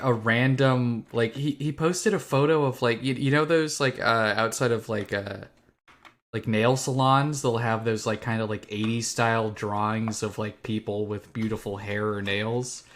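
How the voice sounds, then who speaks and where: A man's voice: medium pitch, steady tone, unhurried. A young man co-hosting a podcast in casual chat, laid-back and wry, swearing now and then. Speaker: podcast co-host.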